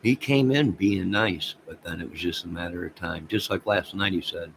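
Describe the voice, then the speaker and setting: A man's voice: deep voice, normal speed, vocal fry, hardly any pauses, slight background noise, poor audio. A man hosting a casual livestream, rambling and talking straight to his viewers. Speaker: livestream host.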